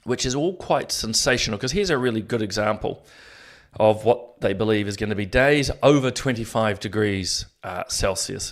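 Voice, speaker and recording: A middle-aged New man with a somewhat low voice hosts a casual commentary show. He rambles a little, backtracks and fills gaps with "uh" and "um", and pokes fun at himself as he goes. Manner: rambling, self-deprecating, frequent fillers and restarts. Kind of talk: casual solo commentary to viewers.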